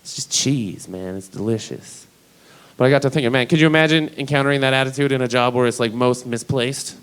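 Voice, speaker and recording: A man's voice: mid-range voice, brisk, fairly bright tone, clear, resonant tone, poor audio. A man doing a stand-up comedy set, talking in a rambling, profane, conversational way.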